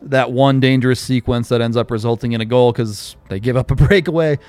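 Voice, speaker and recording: A man hosting a casual hockey podcast, easygoing and quick to laugh. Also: medium pitch, steady tone, a little mellow, clear, resonant tone, no echo. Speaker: podcast host. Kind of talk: casual sports chat.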